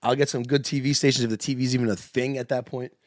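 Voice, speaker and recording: A young man in his twenties trades loose, casual banter as a podcast co-host. He is animated, swears freely and laughs often. His voice sits at a medium pitch and sounds close and dry, with no room around it. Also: fast, no echo.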